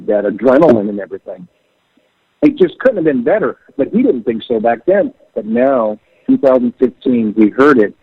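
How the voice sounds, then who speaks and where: A middle-aged man tells his stories with lively swings in pitch, jumping into the voices of the people he quotes. His voice is gravelly and a bit husky. It comes through a narrow, tinny phone line with a dry sound. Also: no room sound. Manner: animated, acts out quoted voices. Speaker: musician guest. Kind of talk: storytelling interview over the phone.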